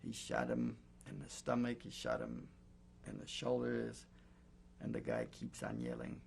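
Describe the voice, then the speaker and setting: Slow, gravelly older man giving testimony. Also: rumbling low, big pitch swings, a little hiss or hum. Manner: slow, halting, frequent pauses and fillers. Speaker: Holocaust survivor giving testimony. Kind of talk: oral history testimony.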